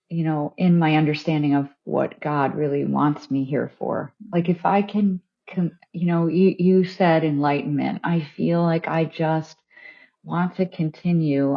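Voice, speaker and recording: A woman with a low, gravelly voice talks thoughtfully as an interview guest, circling her points with fillers and little laughs. The recording sounds somewhat dull and lo-fi. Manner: musing, with many fillers and soft laughs. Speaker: guest, financial firm founder and author. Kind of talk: reflective interview conversation.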